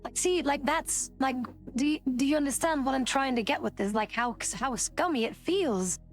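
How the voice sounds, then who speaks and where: A woman's voice: sits high, moderate pace, soft background music. A woman streamer chatting casually, indignant and rambling, swearing often. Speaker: VTuber streamer.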